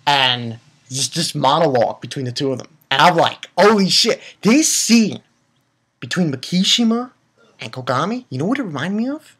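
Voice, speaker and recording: A man giving an excitable, profane casual recap of an anime episode, with lots of restarts. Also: on the high side, moderate pace, husky. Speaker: anime reviewer.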